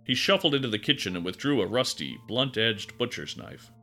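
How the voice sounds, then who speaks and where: A man narrating a dark story in a measured, expressive way. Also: medium pitch, faint music behind. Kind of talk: dramatic audiobook narration.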